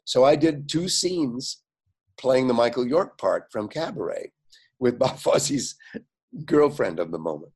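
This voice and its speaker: Gravelly older man telling stories. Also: mid-range voice, unhurried. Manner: animated storyteller, quotes others in lively voices, frequent fillers and laughs. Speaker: guest. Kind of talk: anecdotal storytelling.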